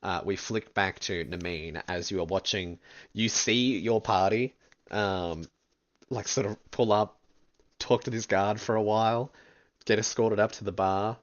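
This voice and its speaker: A man running a tabletop game as game master, describing scenes in a relaxed, rambling way full of fillers. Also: fairly low pitch, unhurried, muffled recording.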